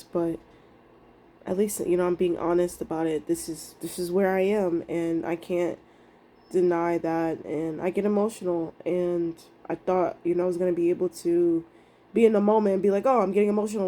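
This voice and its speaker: A young woman with a lowish, warm voice vlogs about her trading day. She's emotional and rambling, swearing casually in a candid vlog monologue.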